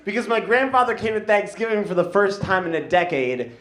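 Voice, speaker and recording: A man's voice: high-pitched, animated, a little fast, fairly bright tone. A young man on stage telling stand-up stories in a dry, conversational way. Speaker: stand-up comedian. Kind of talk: stand-up storytelling. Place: live comedy stage. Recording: echoey room with background noise.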